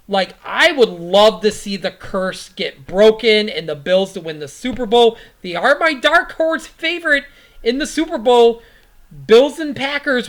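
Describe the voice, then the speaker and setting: A woman around forty, hosting a casual sports podcast and recapping football in a rambling way, full of fillers. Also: on the high side.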